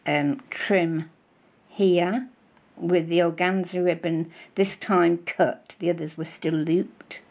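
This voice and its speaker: An older British woman, a crafting vlogger, chats effusively and rambles while showing off her craft supplies in a casual show-and-tell video. Her voice sits on the low side, a little mellow, with vocal fry.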